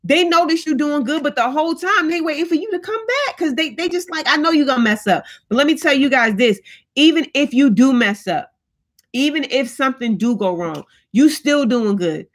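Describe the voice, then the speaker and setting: A woman's voice: high voice, lively intonation, normal speed. Upbeat woman giving an encouraging pep talk. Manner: encouraging, preachy, repeats "you know what I'm saying". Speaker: channel host. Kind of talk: casual live-stream chat to viewers.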